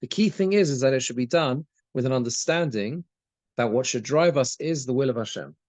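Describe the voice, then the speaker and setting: A man's voice: medium pitch, brisk, a little mellow, dry recording. A man teaching a conversational Torah class as a rabbi, reading Hebrew phrases and translating them as he goes, with frequent restarts.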